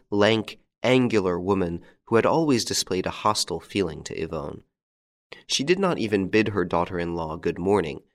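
A man narrating a classic story in a measured, even reading voice. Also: deep voice. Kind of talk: audiobook narration.

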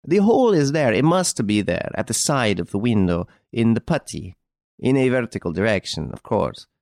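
A man reading an audiobook, voicing a calm, clever chevalier who explains a theft in a smiling, deliberate way. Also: fairly low pitch, no echo, clean studio sound.

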